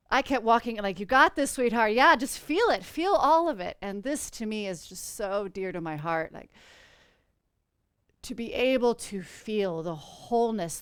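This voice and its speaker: A woman's voice: on the high side, clear, resonant tone, dry recording, clean studio sound. A woman hosting a podcast in an earnest, flowing spiritual chat, full of "you know" fillers. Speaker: podcast host.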